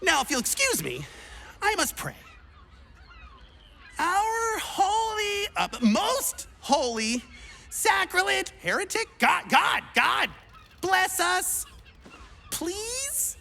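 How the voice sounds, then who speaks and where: A woman voicing an eager, clumsy young male would-be adventurer in a video game, who talks excitably, rambles and stumbles over his words. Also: very high voice, takes it slowly, creaky, pauses often, shouting, exaggerated voice. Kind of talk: game character dialogue.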